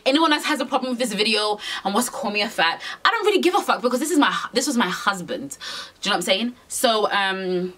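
Young woman, confessional vlogger; bright, animated delivery, rambling and unfiltered. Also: mid-range voice, breathy edge. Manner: frank, rambling, swears freely, heavy slang. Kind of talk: storytime confession to camera.

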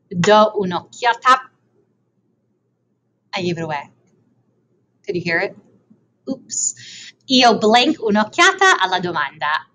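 Casual teacher lady, bright voice, takes her time, repeats every word form in two languages, little jokes. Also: medium pitch, a little hiss or hum, low-quality recording. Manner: mixes Italian and English, repeats and translates each form, playful asides. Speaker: Italian teacher. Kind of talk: recorded lesson over slides.

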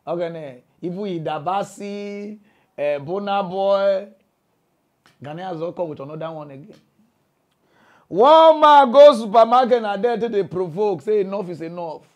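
A man with a Nigerian Pidgin English accent, giving animated comic commentary and laughing between his lines. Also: high voice. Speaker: comedian.

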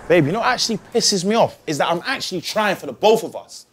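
A man's voice: sits high, expressive, fast, a bit bright, slight background noise, voice pushed up. A man playing a huffy boyfriend. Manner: defensive, huffy, husky. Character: frustrated young boyfriend in argument.

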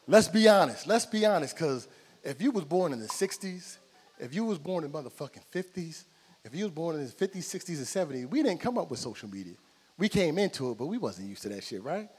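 A man's voice: fairly high pitch, a little fast, in a large hall, a little hiss or hum. A middle-aged man from New Jersey doing a stand-up set in a club, acting out both sides of every exchange as he tells his stories. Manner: animated storytelling, acts out both sides of each exchange. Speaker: stand-up comedian. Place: comedy club stage with audience.

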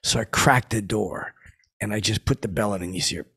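Man doing a boastful hanger-on, gravelly, husky, deadpan, rambling with fillers. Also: fairly low pitch. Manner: meandering, halting, full of fillers and sound effects. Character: dim, boastful washed-up male hanger-on telling tall tales. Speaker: comedy podcast host in character.

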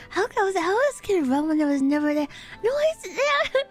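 A woman streaming casually, excitable and giggly, often squealing and laughing. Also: high-pitched, brisk, faint music behind. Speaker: VTuber streamer. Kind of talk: casual livestream chat.

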